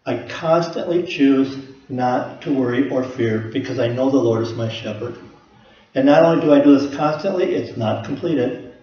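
A man's voice: mid-range voice, normal speed. Man preaching in an echoey room. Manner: earnest preaching with rhetorical questions. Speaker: pastor. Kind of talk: sermon. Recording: echoey room, slightly dull sound.

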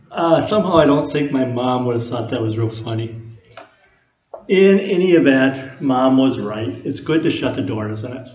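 A pastor with a medium-pitched, lively voice preaches at a normal pace, keeping his sermon folksy and conversational and often tossing rhetorical questions to his listeners. The recording comes from an echoey room and sounds dull and lo-fi.

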